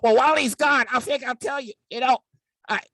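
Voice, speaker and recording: A man's voice: very high-pitched, brisk, pushed and bright, dry recording, clean studio sound, voice pushed up, heavily acted. A man giving voice to a cheeky, rude male puppet that keeps interrupting and teasing. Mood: mocking.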